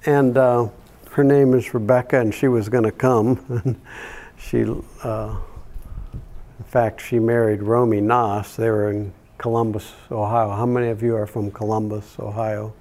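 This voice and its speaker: An older man preaching a sermon, telling homely family stories and chuckling softly now and then. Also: medium pitch. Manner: homely anecdotes with frequent soft chuckles. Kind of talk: storytelling sermon.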